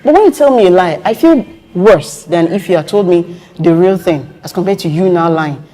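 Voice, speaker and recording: Animated woman, mellow voice. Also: lowish voice, moderate pace. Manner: animated storytelling, acts out quoted voices. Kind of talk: casual conversation.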